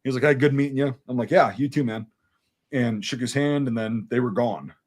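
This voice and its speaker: A man's voice: mid-range voice, brisk. A man from Wisconsin with a mid-range voice tells an old service story to friends in a loose chat. He swears a lot and bounces into the voices of the people he quotes. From Wisconsin, USA. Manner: profane, animated, acts out quoted dialogue. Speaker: military veteran telling a war story.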